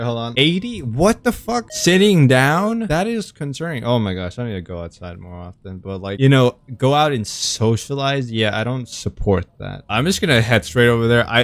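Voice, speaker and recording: A man's voice: medium pitch, dry recording. Jumpy, swearing young man playing horror. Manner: jumpy, swears a lot, easily startled; rambling, self-mocking venting. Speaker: gaming video creator. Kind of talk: horror game commentary.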